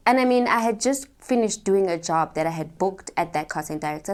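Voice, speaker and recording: A young woman actor telling a story to her viewers in a casual, animated, chatty vlog. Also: mid-range voice, a little fast, few pauses. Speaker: actor sharing advice.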